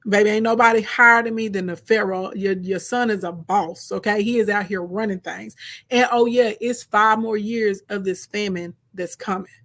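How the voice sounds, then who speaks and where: A man's voice: high-pitched, fairly even intonation, moderate pace, a bit bright. A woman voicing a forgiving, powerful man who talks to his brothers in emphatic, streetwise phrasing.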